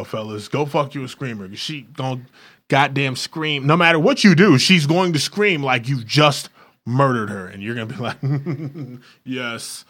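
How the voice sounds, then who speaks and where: A man co-hosting a casual chat, telling crude stories in an animated way and acting out what people said. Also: medium pitch. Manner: crude, animated storytelling with acted-out quotes. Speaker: podcast co-host.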